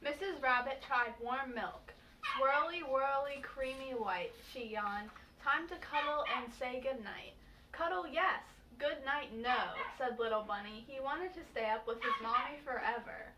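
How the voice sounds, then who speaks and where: A woman reads a children's bedtime story aloud in a bright, fairly high voice, steady and clear. She sits back from the mic, with faint noise in the room. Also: a little slow. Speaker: reader helping tell the story. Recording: distant home recording with faint noise.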